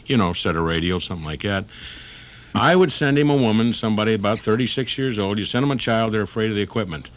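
A man's voice: fairly low pitch, fast talker. An older man, a comedian, rambling and improvising on a talk radio show, slipping into bits with lots of ums. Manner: rambling, jumps into characters, frequent ums. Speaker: comedian guest.

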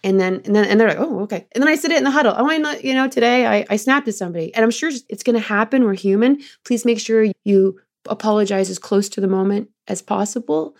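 Woman with a gravelly, animated voice. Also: medium pitch, fast, hardly any pauses. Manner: animated storyteller, quotes others in changing voices. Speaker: guest, team leader. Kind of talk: conversational interview.

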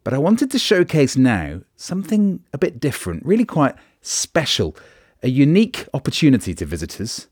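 A man's voice: mid-range voice, huge pitch swings, normal speed, a little mellow, breathy edge, dry recording. An upbeat male podcast host who narrates and chats on a tour. His voice sits mid-range and the sound is dry and close, with no room around it. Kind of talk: touring interview and narration.

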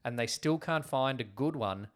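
A man's voice: medium pitch, animated, moderate pace. A man co-hosting a podcast, chatting casually about a film and often trailing off with fillers. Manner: rambling, trails off with "like". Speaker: podcast co-host. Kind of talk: casual film discussion chat.

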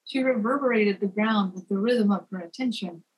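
Breathy lady narrating a fairy tale, slow, soft chanting bits. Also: medium pitch, poor audio. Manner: slow, chanting softly on refrains. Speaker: storyteller. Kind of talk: scripted narration.

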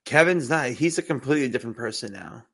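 A man's voice: mid-range voice, lively intonation, fast talker, a bit bright. A man co-hosting a podcast, chatting casually about a TV show in a laid-back way with frequent laughs. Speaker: podcast co-host. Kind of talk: casual TV recap chat.

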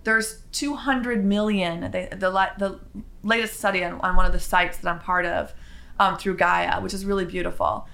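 A chatty woman with a bright, forceful tone tells a casual story. Her talk is animated, with quick asides and restarts. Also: fairly low pitch, vocal fry. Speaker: spiritual vlogger.

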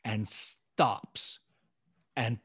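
Animated man telling a story. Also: lowish voice, very slow, breathy edge. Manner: animated, acts out dialogue, laughs while telling. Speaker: podcast co-host. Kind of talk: casual storytelling.

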